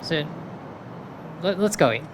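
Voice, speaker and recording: A man speaking gently and encouragingly, slowly, in a slightly high voice. Street noise runs behind him. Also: animated.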